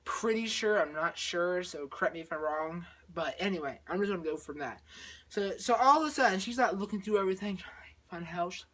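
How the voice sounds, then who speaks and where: A man's voice: high-pitched, lively intonation, brisk, fairly bright tone. A male vlogger retelling a movie in a rambling, repetitive way, acting out scenes with sound effects.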